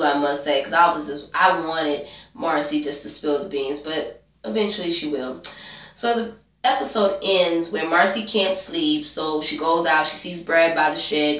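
A woman's voice: low-pitched, a bit bright. A sleepy woman, recapping a TV episode in a blunt, profane, casual way and talking back to the characters. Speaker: TV episode reviewer, channel host. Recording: echoey room, distant from mic.

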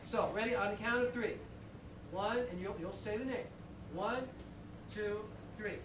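A man's voice: high voice, a little slow. A man leading a shofar service as cantor, chatty and joking as he conducts the congregation. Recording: echoey hall, far from the mic, noisy.

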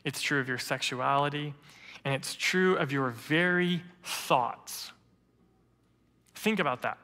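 A male pastor preaches with a bright, forceful, slightly high voice, his words carrying a long reverb through the church. He tells stories earnestly and warmly builds his point, pressing each line home. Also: takes it slowly. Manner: earnest storytelling preacher, quotes others in lively voices. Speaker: interim lead pastor. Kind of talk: sermon. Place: church sanctuary.

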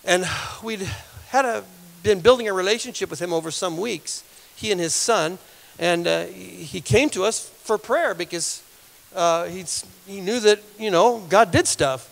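A male guest speaker telling a story in a church sermon, rambling, repeating words and growing animated as he goes. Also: high-pitched, unhurried, creaky. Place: church hall. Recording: long hall reverb.

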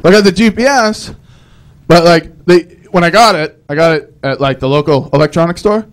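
A man's voice: fairly high pitch, moderate pace. A young man doing a live stand-up set, telling rambling self-deprecating stories with frequent restarts. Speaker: stand-up comedian.

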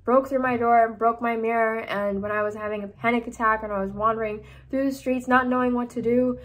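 A woman's voice: fairly high pitch, fairly even intonation, brisk, a bit bright. Earnest young woman telling her story. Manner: earnest, emotional, tearful at times. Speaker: vlogger. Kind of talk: personal story vlog. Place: indoors, seated.

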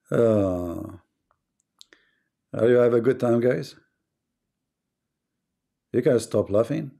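A man's voice: mid-range voice, vocal fry, dark tone. A man with an Arabic accent hosting a live debate stream, taunting and sarcastic toward his callers. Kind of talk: mocking live-stream banter.

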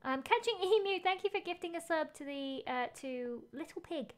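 A woman's voice: high-pitched, animated, moderate pace. A woman game streamer chatting casually as she plays, thinking aloud, gasping at finds and reading chat messages.

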